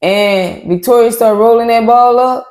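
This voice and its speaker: Lively high-voiced woman recapping drama. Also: unhurried. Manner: animated retelling, slips into quoting people. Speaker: reaction show co-host. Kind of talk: casual reaction recap chat. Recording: roomy echo.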